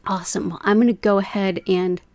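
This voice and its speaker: A woman's voice: medium pitch, steady tone, brisk, darkish tone, no echo. Host, woman, 40s, rambling casual chat, dry close mic. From United States. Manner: chatty, rambling, says "like" often. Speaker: Reiki livestream host. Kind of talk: casual chat with live viewers.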